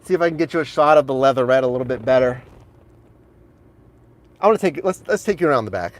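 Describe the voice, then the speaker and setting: A man's voice: medium pitch, animated, quick pace. A man streaming live from his car, enthusiastically showing viewers around the vehicle and chatting with them as he films on a handheld phone. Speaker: rideshare driver and streamer. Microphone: handheld phone camera.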